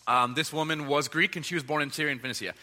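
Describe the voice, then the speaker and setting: Male pastor, chatty sermon, bright tense tone, long hall reverb. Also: a little high, fast talker. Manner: conversational, animated, frequent restarts and ums.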